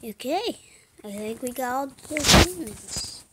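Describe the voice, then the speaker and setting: A woman giving casual let's-play commentary while she plays, muttering to herself, slipping into whispers and breaking into sudden excited outbursts. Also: sits high, measured pace, slight background noise, low-quality recording.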